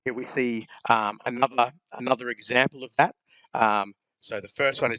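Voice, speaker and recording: A man's voice: mid-range voice, fairly even intonation, normal speed, bright, forceful tone, clear, resonant tone, no room sound, muffled recording. A man teaching a grammar lesson, explaining punctuation with many ums and repeated words.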